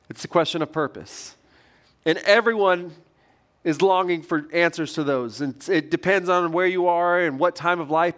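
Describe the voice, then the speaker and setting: A middle-aged male pastor preaching a sermon from a church stage, telling stories in a conversational way that swings between loud and quiet. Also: on the high side. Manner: conversational storytelling with lively shifts in loudness.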